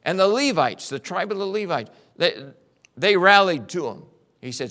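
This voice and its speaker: Male pastor, slightly high, gravelly voice, unhurried dramatic sermon delivery. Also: lively intonation. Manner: dramatic storytelling, swinging from loud to hushed.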